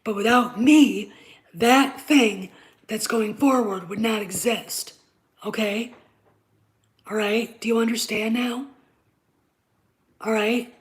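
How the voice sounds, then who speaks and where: A woman's voice: on the high side, takes it slowly, long pauses, poor audio. A woman hosting a live stream, lecturing her chat insistently, repeating her points and checking in with "okay?".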